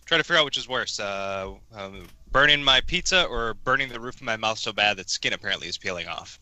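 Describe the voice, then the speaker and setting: A man's voice: on the low side, animated, brisk, pushed and bright, no echo. A man co-hosting a casual livestream, wry and teasing.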